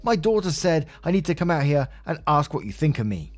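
A man voicing a volatile, manipulative middle-aged mother with a high-pitched Southern accent and a whiny, accusing way of talking. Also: very animated, fairly quick, a little mellow, faint music behind.

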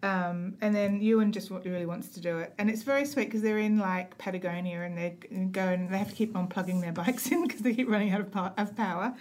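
Woman, casual chat co-host, rambling, filler words, middle pitch. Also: steady tone, a little fast, hardly any pauses, darkish tone. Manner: chatty, rambling, lots of fillers and asides. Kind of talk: casual chat about TV shows.

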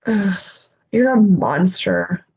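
A young woman co-hosting a podcast in casual chat, animated and swearing freely as she acts out her own reactions. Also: medium pitch, slow, creaky, breathy edge, muffled recording. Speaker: podcast co-host.

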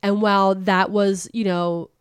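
A woman recounting a book's plot in loose, casual chat, with lots of "like" and "um". Her voice is at a middling pitch and comes across dry and close, with no room echo. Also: level tone, unhurried, clean tone. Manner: chatty, with many fillers, laughing and swearing. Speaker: podcast host. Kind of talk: casual book recap chat.

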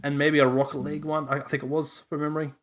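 A man's voice: a little high, flat delivery, quick pace, loud music behind the voice. A young Australian man co-hosting a podcast, chatting casually, rambling and laughing often. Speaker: podcast co-host. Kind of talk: casual chat.

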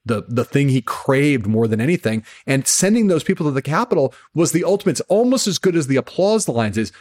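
A man, a political journalist hosting a casual discussion, talking in a brisk, frank, storytelling way with some profanity. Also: medium pitch, sing-song, a little mellow.

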